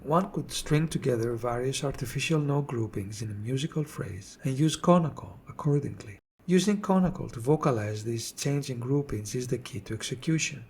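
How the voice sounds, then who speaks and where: Man, drum teacher, scripted tutorial narration, gravelly voice, measured and explanatory. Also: medium pitch, a little mellow.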